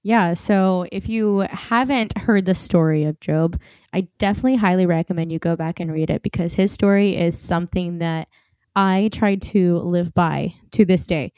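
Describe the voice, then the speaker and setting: A woman with a light Southern American accent co-hosts a faith podcast, joking at her own expense. Her voice is smooth and clear. The recording is dry and close. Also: fairly low pitch, normal speed, dark tone, dry recording. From Oklahoma, USA. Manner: joking, self-deprecating. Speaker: podcast co-host. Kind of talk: casual faith podcast chat.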